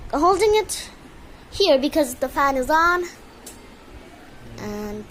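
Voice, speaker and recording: Indoors at home with a fan running, a woman with a high-pitched voice films her pet bird on a handheld phone, cooing at it and scolding it in baby talk. The audio is poor, with slight background noise.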